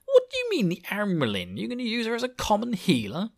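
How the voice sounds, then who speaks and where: Haughty, indignant sorceress, voiced by a man; shrill and high. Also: huge pitch swings, fast talker, creaky, exaggerated voice. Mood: incredulous.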